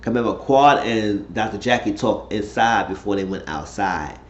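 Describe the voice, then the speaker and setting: A man's voice: lowish voice, normal speed, slight background noise. A man casually recapping a reality TV episode, rambling through the story in loose, slangy talk. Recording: roomy, dull lo-fi sound.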